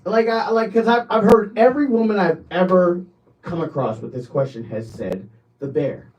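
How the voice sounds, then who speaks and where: Heard from a distance on a dull, low-fidelity recording, a male podcast co-host chats casually. He keeps halting and restarting his sentences, and his voice often climbs into animated bursts that are higher and louder.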